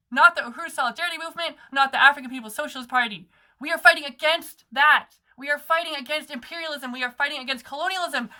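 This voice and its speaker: A woman's voice: high-pitched, fast talker, bright, forceful tone. A young woman organizer giving an impassioned talk, sarcastic and heated, full of "like" and "okay".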